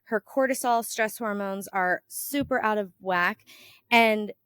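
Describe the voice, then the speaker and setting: A woman's voice: measured pace, clean tone, no room sound, studio quality. A woman hosting a health podcast in casual conversation, telling stories animatedly and acting out quoted exchanges, with frequent "like" fillers. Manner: animated storyteller, acts out quoted exchanges with sudden lifts in pitch and volume. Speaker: podcast host and health coach.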